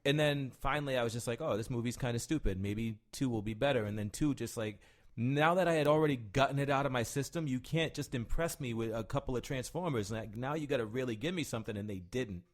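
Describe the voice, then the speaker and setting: A man's voice: mid-range voice, fast. A man co-hosting a podcast, ranting casually and profanely about a disappointing movie. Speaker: podcast co-host.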